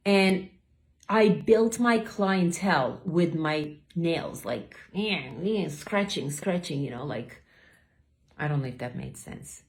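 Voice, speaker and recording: A woman speaks alone into her podcast mic, her voice sitting a little low. She tells her story like casual gossip, wandering off track and catching herself mid-sentence. She sounds middle-aged and at ease. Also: lively intonation, slow pace. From Turkey. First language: Turkish. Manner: chatty, rambling with tangents and self-corrections. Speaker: host, beauty academy owner.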